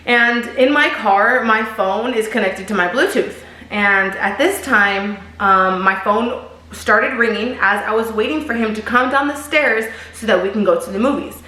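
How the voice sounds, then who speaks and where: A woman's voice: on the high side, measured pace, sharp tone. Chatty young woman in an echoey room. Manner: chatty, slangy, addresses viewers as y'all. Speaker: vlogger. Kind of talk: casual storytime. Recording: roomy echo.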